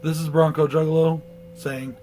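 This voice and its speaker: A man's voice: fairly high pitch, level tone, moderate pace, warm tone, soft background music, low-quality recording. A man giving a blunt, profane movie review in a casual rant.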